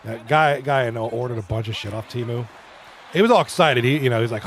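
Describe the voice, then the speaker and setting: A man's voice: medium pitch, quick pace, some chatter behind, slight background noise. Chatty man calling esports hockey. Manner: loose, chatty, swears, clears throat often. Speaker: league stream commentator. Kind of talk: casual esports commentary reading chat.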